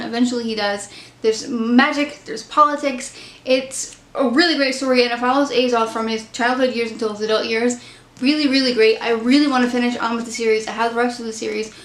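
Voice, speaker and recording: Brief: woman vlogger, fairly high voice, chatty book talk, roomy echo. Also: a bit bright. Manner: chatty, candid, opinionated. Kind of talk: casual book review chat.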